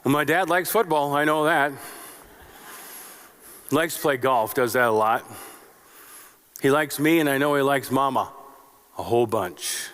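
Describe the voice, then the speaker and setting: A man's voice: medium pitch, unhurried, pauses often, a bit bright, clean tone, natural voice. A man acting out a small boy who is lost in a big store, stammering with fear, within a sermon. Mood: earnest. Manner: wants everything, then frightened and stammering. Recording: long reverb of a church sanctuary.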